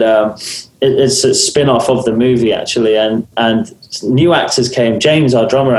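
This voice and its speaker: A man with an English accent, a musician and actor telling stories in a casual interview, animated and self-mocking, often laughing. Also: medium pitch, roomy sound, low-quality recording. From England.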